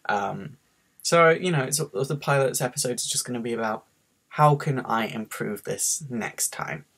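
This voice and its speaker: A man's voice: mid-range voice, lively intonation, moderate pace, gravelly, a bit bright, husky. A man with a faint Scottish accent, stressed and rambling through a casual story about his day on a home webcam vlog. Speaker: vlogger.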